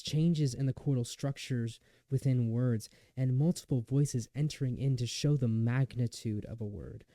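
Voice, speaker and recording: Mellow-voiced young man giving a lecture. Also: mid-range voice, dry recording. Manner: earnest, measured, with occasional restarts. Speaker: student lecturer. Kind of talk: lecture recital narration.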